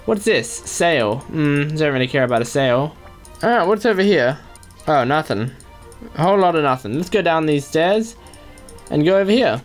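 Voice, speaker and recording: A man chatting excitedly through a let's-play video, joking as he goes. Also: a little high, normal speed, soft background music. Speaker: gaming video creator.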